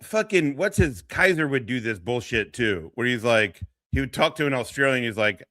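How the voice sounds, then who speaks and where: Bright-voiced man cursing through commentary. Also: mid-range voice, lively intonation, moderate pace, no echo. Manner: profane, laughing, mocking. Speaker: host commenting on a streamer. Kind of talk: casual commentary.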